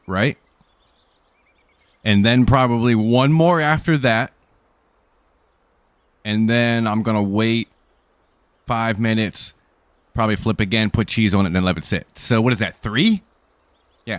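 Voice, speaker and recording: A man's voice: lowish voice, no echo. A man casually greeting viewers by name and answering chat during a live stream, joking in a laid-back way.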